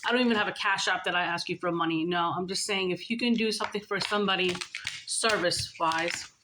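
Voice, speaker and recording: A woman's voice: mid-range voice, a little fast, a bit bright, slight background noise. A woman talking casually and earnestly to her viewers about faith and helping others, chatty and repeating herself. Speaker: spiritual vlogger. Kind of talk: casual spiritual talk to viewers.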